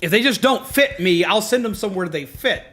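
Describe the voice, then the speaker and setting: A man's voice: high-pitched, animated, fairly quick, a bit bright, faint music behind. A man streaming, ranting heatedly to his chat, swearing a lot and often stopping to restart or repeat himself. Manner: heated, profane, emphatic; self-interrupting, repeats himself.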